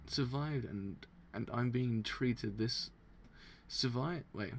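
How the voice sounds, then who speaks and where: Gravelly-voiced man reading and reacting. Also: mid-range voice, slow, a little hiss or hum. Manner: stumbles and restarts over words while reading aloud; excitable, laughs often. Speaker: manga reaction host. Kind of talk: casual live reaction, reading aloud.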